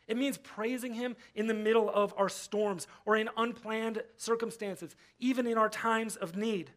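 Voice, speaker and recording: A man's voice: high-pitched, fairly even intonation, normal speed, fairly bright tone. A man pastor giving a casual, conversational sermon, often acting out the voices he quotes. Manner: conversational, acts out quoted voices, frequent fillers. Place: church.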